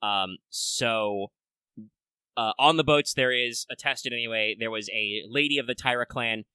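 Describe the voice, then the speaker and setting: A man hosting a casual podcast in a forceful, bright voice, recorded close and dry. He rambles along, padding his talk with filler words and restarts as he explains things to his listeners. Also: mid-range voice, measured pace, smooth, no echo. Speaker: podcast host.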